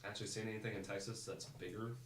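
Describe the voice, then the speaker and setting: A man's voice: on the low side, steady tone, quick pace, background noise. A man in a casual podcast chat, easygoing and naive, laughing easily. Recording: roomy, distant mic with chatter behind.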